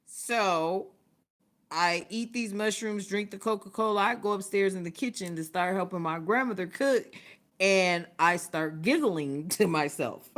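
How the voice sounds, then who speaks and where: A woman's voice: mid-range voice, a little slow, a bit bright. A woman hosting a livestream, telling a story in casual, profane talk and laughing often. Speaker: livestream host. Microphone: phone or webcam, livestream.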